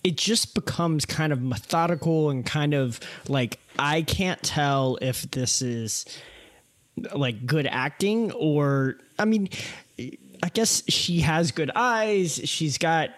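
A man's voice: on the high side, takes it slowly, fairly bright tone. A man co-hosting a casual film podcast, stammering and restarting as he argues a point. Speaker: podcast co-host.

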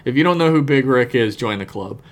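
A man's voice: medium pitch, lively intonation, a little fast. A man hosting a podcast in casual chat, reading listener emails aloud with dry jokes and frequent laughter. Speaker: podcast host.

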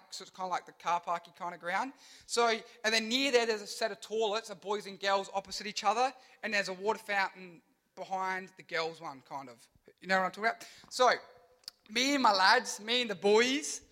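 An animated young man preaching to youth, with a high voice. He tells Bible stories in a lively, joking way, throwing in sound effects and silly voices. His tone is bright and forceful. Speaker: youth pastor. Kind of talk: energetic youth sermon.

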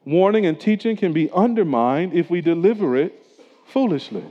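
A male pastor preaching a sermon earnestly, dropping to a hush at solemn moments and rising for emphasis. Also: sits high, expressive, moderate pace. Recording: echoey church hall, dull lo-fi sound.

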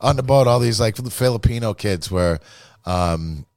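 A man telling stories in casual, profane podcast chat, animated and full of quoted voices. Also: lowish voice, normal speed, gravelly, no room sound, clean studio sound.

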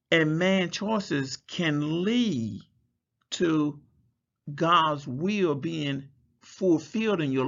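Husky, gravelly-voiced man preaching. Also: on the high side, a bit bright, muffled recording. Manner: reads scripture aloud and explains it, stretching words for emphasis. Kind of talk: Bible study sermon.

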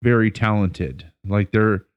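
A man's voice: fairly low pitch, slow, smooth, highs cut off. A man telling a story on a casual podcast, rambling with many fillers and restarts; an educator. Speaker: podcast co-host.

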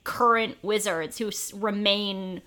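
A woman's voice: mid-range voice, fairly even intonation, slow pace, pushed and bright, clean tone. A woman co-hosting a podcast in casual, frank chat. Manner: frank, chatty, swears casually. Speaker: podcast co-host.

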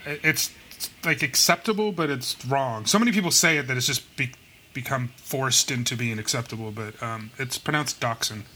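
A man's voice: mid-range voice, moderate pace. A man chatting on a podcast, rambling and correcting himself as he goes. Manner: rambling, self-correcting, laughs softly. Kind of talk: casual chat. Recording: noticeable background noise.

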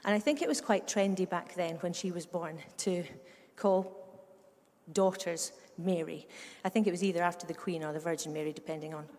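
A woman's voice: lowish voice, fairly even intonation, normal speed, a little mellow. Middle-aged Scottish woman, pastor, chatty sermon, funny asides, long hall reverb. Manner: chatty storyteller with humorous asides. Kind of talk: conversational sermon. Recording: long reverb of a large room.

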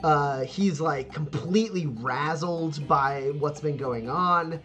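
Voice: medium pitch, slow, a bit bright. A game master narrating a tabletop game in rambling, filler-heavy speech, often breaking into laughter.

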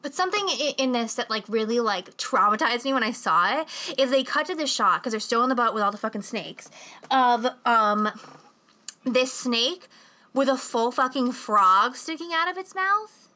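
A woman's voice: a little high, expressive, normal speed, sharp tone. A young adult woman co-hosting a podcast, recapping a movie in a rambling, casual way full of swearing and filler words. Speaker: podcast co-host.

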